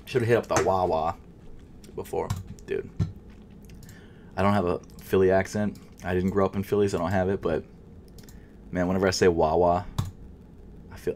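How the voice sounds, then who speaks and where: A man with a lowish voice talking to himself as he shops online for sneakers. He swings from loud frustrated outbursts to under-the-breath whispers, casual and unscripted. A faint hiss of noise sits under the voice. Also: steady tone, normal speed, pauses often. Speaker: sneaker vlogger. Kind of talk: casual live commentary.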